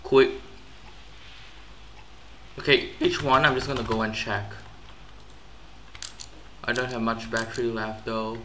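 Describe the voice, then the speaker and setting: A man giving live gameplay commentary, excitable and easily frustrated, with sudden yelps and outbursts. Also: mid-range voice, slow, long pauses, slight background noise. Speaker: gaming YouTuber.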